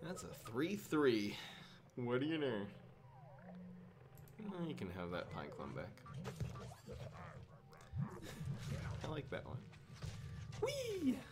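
Man, playful card game streamer, swoopy lively pitch, slow unhurried delivery. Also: background noise. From Minnesota, USA. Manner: playful, jokey, talks to viewers, frequent laughs. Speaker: gaming streamer. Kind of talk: casual gameplay commentary.

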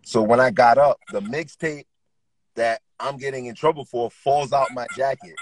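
A middle-aged man, a guest on a talk show, telling a story in an animated, profane way with lots of quick restarts. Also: mid-range voice, poor audio. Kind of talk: casual storytelling chat.

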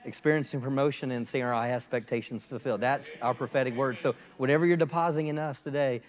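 A man in his fifties, the host pastor, introducing a guest speaker in a halting way with restarts. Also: medium pitch, long reverb tail. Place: church sanctuary.

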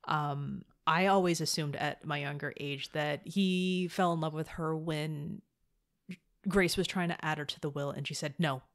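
A woman's voice: deep voice, fairly even intonation, measured pace. A woman co-hosting a casual podcast chat, teasing and playful, who acts out the characters' lines when she retells scenes. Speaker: podcast co-host.

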